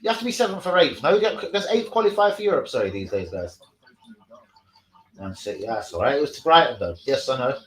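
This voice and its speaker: A man hosting a casual live stream, sweary and excitable, talking to his chat about football. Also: medium pitch, reverberant, rough recording.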